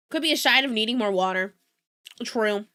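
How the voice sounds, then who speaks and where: A woman's voice: on the high side, pushed and bright. A young adult woman, a native Spanish speaker, chatting casually with her stream audience, rambling and giggling between asides. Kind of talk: casual reaction-stream chat.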